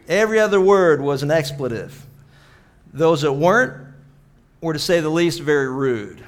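A man from Pittsburgh, a pastor, telling a story in a chatty sermon full of "you know" asides. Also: fairly high pitch.

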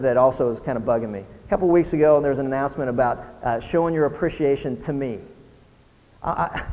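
A man pastor preaching a sermon, building from quiet talk to loud shouting and firing rhetorical questions. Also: a little high, big-room sound.

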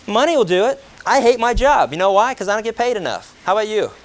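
A man preaching a sermon, animated and joking, firing rhetorical questions at his congregation. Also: sits high, quick pace. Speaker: pastor.

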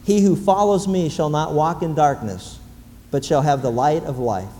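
Guy preaching a sermon, kinda high voice but mellow, lots of hall reverb. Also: normal speed, a little hiss or hum. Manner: animated, repetitive emphasis, rising to loud exclamations. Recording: long reverb in a large hall, faint ambience.

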